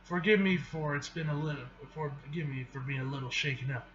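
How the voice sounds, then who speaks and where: A man's voice: on the high side, a little fast, natural voice. A man doing a drawling roguish thief. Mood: guarded. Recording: dull lo-fi recording with faint hiss.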